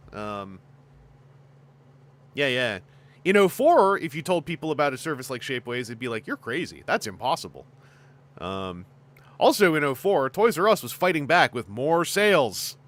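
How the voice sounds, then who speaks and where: A man hosting a casual podcast chat, talking in a chatty, lively way with plenty of fillers. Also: mid-range voice, moderate pace. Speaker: host.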